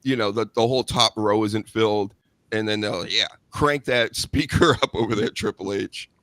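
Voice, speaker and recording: A man's voice: on the low side, normal speed, a bit bright, no echo. A man hosting a wrestling podcast in casual chat, blunt and sarcastic, swearing freely. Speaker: podcast host.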